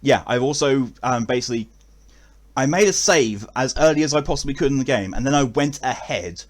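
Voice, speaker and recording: An Englishman with an expressive, mid-range voice talks a little fast as he chats casually with viewers at the end of a stream. He rambles, with lots of fillers and restarts.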